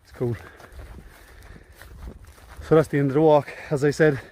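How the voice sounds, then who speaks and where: A man's voice: fairly high pitch, fairly even intonation, unhurried, warm tone, slight background noise. A young man with a Cork Irish accent, chatting casually to a phone camera as he walks alone across an open hillside, rambling and joking with himself. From Cork, Ireland. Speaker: solo hiker vlogger. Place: outdoors on open hillside and meadow.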